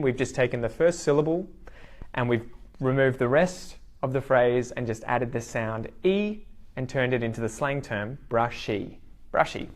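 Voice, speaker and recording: Australian man, English teacher, live online lesson, lively, slow repeats of key words, mid pitch.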